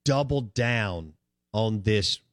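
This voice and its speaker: A man's voice: fairly low pitch, lively intonation, takes it slowly, no echo, studio quality. A man hosting a radio sports talk show, chatting casually and rambling with plenty of ums and uhs.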